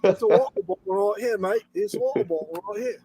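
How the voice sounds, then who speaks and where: A man's voice: high voice, sing-song, fast, creaky, mellow. A man hosting a casual stream, playful and goofy, stirring up his friends. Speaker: stream host. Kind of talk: casual banter.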